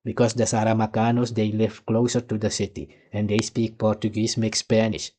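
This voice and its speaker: A man from Suriname with a Surinamese accent gives heated reaction commentary in a fairly low voice. He lectures, repeats himself and keeps pressing the listener to understand. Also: completely flat delivery, moderate pace, darkish tone. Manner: heated, lecturing, repeats "you see" and "nigga". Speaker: commentator reacting to archive clips.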